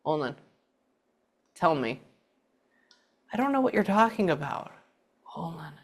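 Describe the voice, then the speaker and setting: A woman's voice: low voice, very animated, unhurried, slightly rough. A middle-aged woman giving a psychic reading, chatting away and acting out the messages she passes on. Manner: chatty, relays messages with quoted voices.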